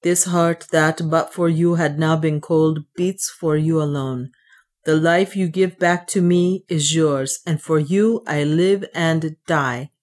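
A woman's voice: deep voice, fairly even intonation, slow pace, darkish tone. A woman voicing a solemn warrior king.

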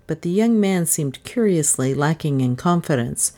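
Low-pitched woman reading a story. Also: expressive, normal speed, hardly any pauses, warm tone. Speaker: narrator. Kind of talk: audiobook narration.

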